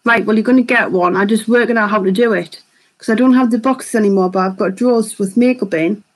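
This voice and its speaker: A woman, chatting quickly while hosting a live makeup tutorial and reading viewer comments aloud. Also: mid-range voice, low-quality recording. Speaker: beauty vlogger hosting a live stream.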